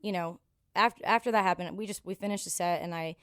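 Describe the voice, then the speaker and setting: A woman's voice: on the low side, fast talker, clean tone, dry recording, studio quality. A woman from Canada in her thirties, a singer telling road stories in a casual interview, candid and profane, acting out the voices in her stories. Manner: candid, profane, animated in quoted dialogue. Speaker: country singer, podcast guest.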